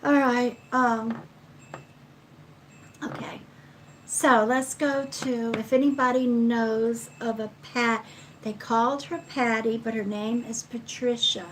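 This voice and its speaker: A middle-aged woman giving a live psychic card reading in a slow, chatty way, counting cards aloud. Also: a little high, level tone, slight background noise, low-quality recording. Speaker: psychic reader.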